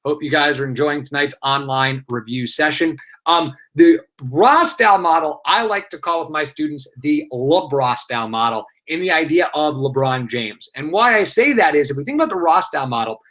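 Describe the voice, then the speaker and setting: A man's voice: on the high side, animated, normal speed, fairly bright tone. A male teacher with a New York accent, running a live online exam review and explaining terms through rhetorical questions and many filler sounds.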